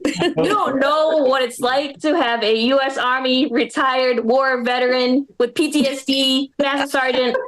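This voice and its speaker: A woman's voice: high voice, steady tone, measured pace. A young woman from the Boston area telling a rambling stand-up story, full of "like" and little laughs. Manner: rambling, filler-heavy storytelling with lots of "like" and laughs. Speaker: stand-up comedian. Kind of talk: stand-up set. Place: small live comedy venue with audience.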